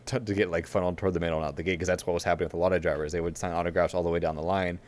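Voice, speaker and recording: A man co-hosts a podcast, talking in a very low voice. He rambles through a story with plenty of fillers. He breaks into laughter now and then. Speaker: podcast co-host. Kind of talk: casual chat.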